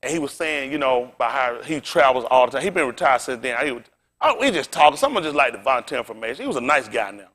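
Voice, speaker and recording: A man preaching a fiery sermon, firing rhetorical questions at the congregation and dropping into low, conversational asides. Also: very animated, fast, fairly bright tone. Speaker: pastor.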